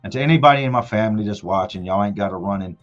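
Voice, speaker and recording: A man's voice: fairly low pitch, very fast. A middle-aged man telling a story from his family on a live stream, emphatic and repeating words for effect. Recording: dull lo-fi sound with faint music.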